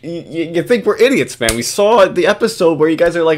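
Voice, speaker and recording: A man talks through a video in loose, sarcastic commentary, swearing freely and tripping over his own restarts. His voice sits a bit on the high side for a man. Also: expressive, fast, few pauses. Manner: rambling, laughing, sarcastic, lots of restarts. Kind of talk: casual profane commentary.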